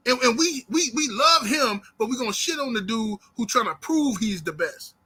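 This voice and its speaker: A high-pitched man with a sharp, forceful edge, hosting a heated boxing commentary. He swears freely and throws rhetorical questions at his listeners. His tone stays intense and combative. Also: lively intonation, moderate pace, breathy edge. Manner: profane, fired-up, fires rhetorical questions.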